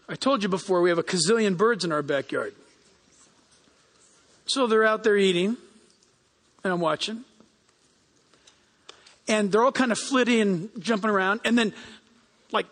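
A man preaching a sermon as pastor, animated and acting out the people he quotes. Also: high voice, normal speed, pauses often. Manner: animated, acts out quoted people in raised voices. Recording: long hall reverb.

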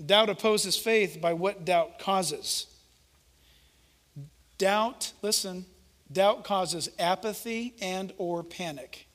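High, bright-voiced preaching man. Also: slow. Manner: animated, conversational, acts out quotes. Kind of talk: sermon. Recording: echoey hall reverb.

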